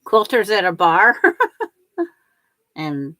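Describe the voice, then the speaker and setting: A woman's voice: on the low side, slow, fairly bright tone, no echo. An older woman hosting a quilting livestream, chatting with viewers and talking herself through each step as she sews. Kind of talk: casual chat while sewing.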